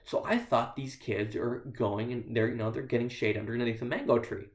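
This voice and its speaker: A man with a mid-range, fairly even voice, speaking a little fast, addresses a church as a visiting missionary. In the echoey sanctuary, he tells stories with dry, self-deprecating humor.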